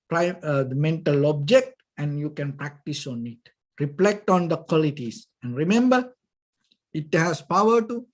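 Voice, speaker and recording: A man, a Buddhist monk, giving a dhamma talk, halting and searching for words, often saying "you know", with gentle, patient explanation. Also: a little high. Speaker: Buddhist monk teaching meditation.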